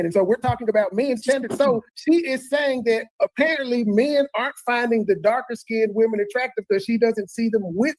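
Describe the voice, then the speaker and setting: A man's voice: very high-pitched, brisk, few pauses, darkish tone, no echo. A man hosting a casual reaction commentary, talking in looping, stammering restarts. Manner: repetitive stammering restarts, conversational. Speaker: commentary host reacting to a replayed clip.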